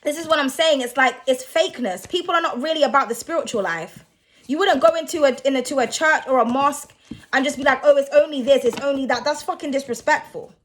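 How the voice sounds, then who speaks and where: A woman's voice: high voice, fairly quick, a bit bright. A young woman who reads tarot, ranting bluntly and with a lot of swearing in a casual vlog. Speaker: tarot reader.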